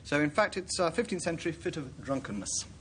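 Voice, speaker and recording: A man's voice: on the high side, sing-song, fairly quick, fairly bright tone, slight background noise. A man on a word game panel giving a definition in a mock-earnest, jokey way.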